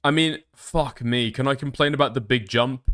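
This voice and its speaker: A man's voice: mid-range voice, moderate pace, a bit bright. A man doing reaction commentary on a stream, sarcastic and profane, thinking aloud.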